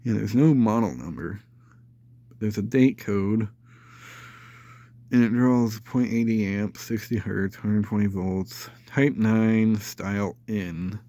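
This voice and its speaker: A man's voice: fairly low pitch, slow pace, dark tone. A congested man rambling casually as he shows off and tests an old electric fan. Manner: rambling, easygoing, thinks aloud with fillers. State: congested, nasal from a cold. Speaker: fan collector reviewing a vintage fan. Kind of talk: casual show-and-tell vlog.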